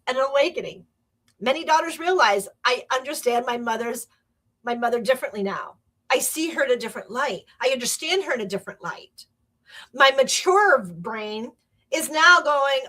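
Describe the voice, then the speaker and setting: A woman's voice: high-pitched, sharp tone. A middle-aged woman hosting a casual spiritual talk, rambling with restarts and acting out quotes. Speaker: host.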